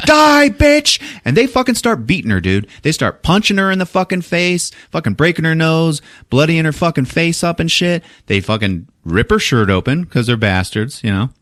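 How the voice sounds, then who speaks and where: A man hosting a podcast, retelling a film plot in casual, profane, animated detail. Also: mid-range voice, dry recording, studio quality. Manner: animated, profane storytelling with acted quotes. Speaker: podcast host. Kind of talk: casual movie recap.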